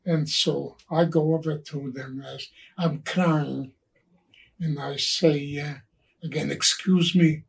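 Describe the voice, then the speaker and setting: Gravelly slow-talking man in his nineties. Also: a little high, fairly even intonation, distant mic, rough recording. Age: 90s. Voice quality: gravelly, husky older voice. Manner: halting, repeats and restarts words, quotes voices in dialogue. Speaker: Holocaust survivor telling his story. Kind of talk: personal testimony, slow and halting.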